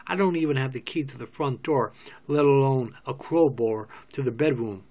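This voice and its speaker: Here is a lonely, wounded man, read by a man in a play reading. He pleads and scolds in an exasperated way, and his voice stays at an everyday medium pitch. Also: normal speed, a little mellow, lightly acted. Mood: wry. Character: lonely, hurt man, jealous partner.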